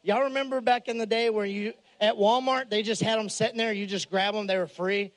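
A high-pitched man delivers a sermon full of stories and jokes. He is animated throughout and raises his voice to a shout on the lines he wants to land. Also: fairly quick. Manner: animated, jokey, shouts for emphasis. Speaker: pastor. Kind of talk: humorous storytelling sermon.

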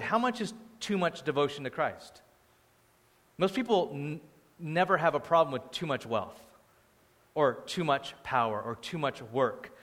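A man preaching a sermon as the pastor, animated, acting out quoted voices, moving between loud bursts and quiet asides. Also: on the high side. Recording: long hall reverb.

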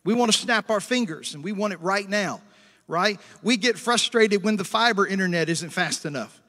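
Here a pastor's high, expressive voice cuts through with a sharp tone, echoing with long reverb. Leading his congregation in call-and-response, he asks for amens and hallelujahs and stretches out each scripture passage, slowing to emphasize it.

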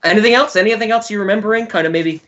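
A man's voice: high-pitched, very fast, fairly bright tone, muffled recording. A man hosting a podcast in casual chat, teasing his co-host and laughing often.

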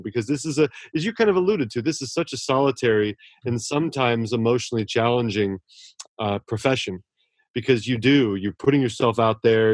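A man being interviewed as a writer, talking earnestly and warmly about his mentors, often restarting his sentences. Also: medium pitch, no echo. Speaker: author guest. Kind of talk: casual interview talk.

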